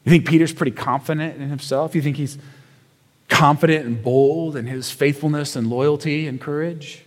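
High-voiced man preaching a sermon. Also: fairly even intonation, moderate pace, in a large hall. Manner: conversational storytelling, emphatic repetitions, rhetorical questions. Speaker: pastor.

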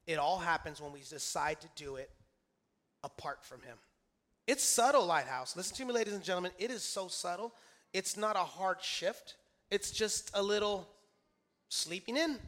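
A man's voice: on the high side, lively intonation, a little fast, a bit bright. A male pastor preaching a sermon in church, emphatic and repetitive, calling out to his congregation for responses. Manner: repeats key phrases for emphasis. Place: church sanctuary.

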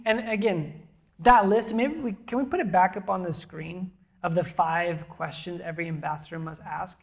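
A woman pastor preaching a sermon to a congregation in a church, conversational and emphatic, with soft, quiet asides. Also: mid-range voice. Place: church auditorium before a congregation.

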